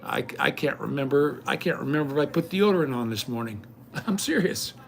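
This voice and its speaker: An older man talks straight to his viewers in a loose, folksy ramble, often tripping over his words and starting sentences again. His voice sits at an ordinary middle pitch. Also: lively intonation, fairly quick, creaky. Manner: folksy, rambling, frequent restarts and stammers. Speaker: vlogger. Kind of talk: casual rambling chat to viewers.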